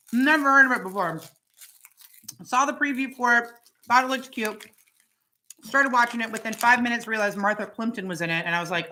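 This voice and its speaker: Woman, vlog host, bright voice, medium pitch, chatty, exclaims over food. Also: a little hiss or hum, low-quality recording. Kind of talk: casual chat, taste-testing snacks.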